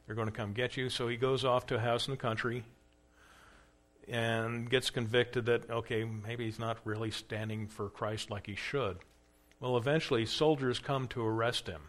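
A man teaching a class on church history in an easy conversational way. His pitch sits in the middle of the usual range. He stops to quiz the room and acts out the quotes he reads. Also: steady tone, normal speed, a bit bright. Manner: conversational, acts out quoted dialogue with rising emphasis; asks questions of a class.

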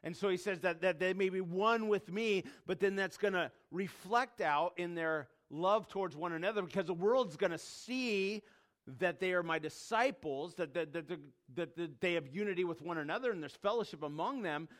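Man, pastor, sermon, emphatic, repeats words, a bit high-pitched. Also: moderate pace. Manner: emphatic, repeats words, drops soft when quoting scripture.

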